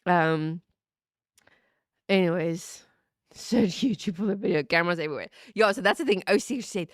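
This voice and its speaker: A woman in her thirties streaming from home, telling a story in an animated way, laughing and swearing. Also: moderate pace, no echo, clean studio sound. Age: 30s. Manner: animated, laughing, swearing, lively pitch jumps. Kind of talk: casual storytelling chat.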